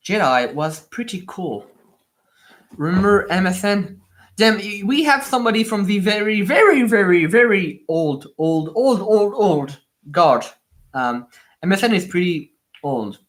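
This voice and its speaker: A man's voice: high-pitched, a bit bright. A young man with a French accent chats through a casual livestream. His speech rambles, with frequent fillers, restarts and repeated words as he reacts to viewers. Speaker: livestream host building Lego.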